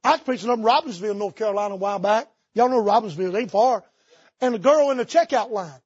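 A man's voice: sits high, fast talker, a little mellow, husky, dry recording, lo-fi sound. A man, preaching a sermon in a church and telling folksy stories. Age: 50s. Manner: folksy storytelling with Southern idioms. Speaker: pastor. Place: church sanctuary.

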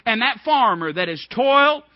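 Emphatic preacher, high voice. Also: male voice, very animated, normal speed, no room sound. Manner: emphatic, rising in bursts of repeated phrases. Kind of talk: sermon. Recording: dull, dry lo-fi recording.

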